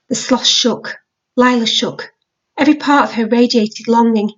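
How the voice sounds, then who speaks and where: Woman reading a novel aloud. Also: on the high side. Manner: measured storytelling. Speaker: reader. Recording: dull lo-fi audiobook recording.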